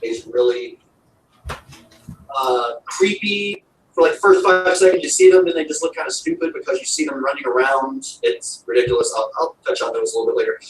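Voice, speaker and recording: A man's voice: a little high, very animated, fairly quick. A man giving a rambling, casual recap of a TV episode, full of fillers. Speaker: show reviewer. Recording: roomy, distant mic with faint noise.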